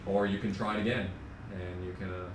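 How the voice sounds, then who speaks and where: Low-pitched and level, a young man talks fairly quickly while streaming a racing game. His casual commentary mixes rants and jokes with sarcastic, profane asides, captured in an echoey room on a distant mic with faint noise.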